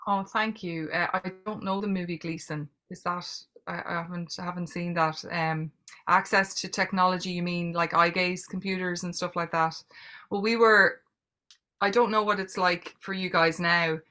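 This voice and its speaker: A middle-aged woman with an Irish accent talks candidly and reflectively, answering audience questions over a video call. Her tone is bright and her pitch sits low. She keeps a flat, even melody as she chats. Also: moderate pace. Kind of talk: casual Q&A conversation.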